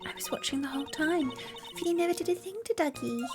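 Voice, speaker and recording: A woman voicing a sweet, soft-spoken young woman witness, in a gentle posh voice. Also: sits high, quick pace, music in the background. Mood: innocent. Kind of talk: live-stream game dub.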